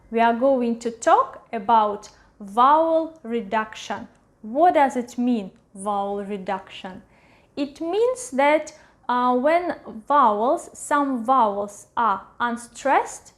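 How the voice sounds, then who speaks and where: A woman with a Russian accent teaching pronunciation, patiently saying each example word three times. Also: on the high side. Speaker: language teacher. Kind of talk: pronunciation lesson.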